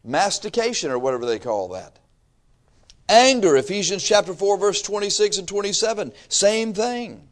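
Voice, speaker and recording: An expressive preacher speaks at normal speed, his emphatic sermon alternating between hushed asides and shouted calls to action. He reads scripture aloud and plays out the excuses his audience might offer.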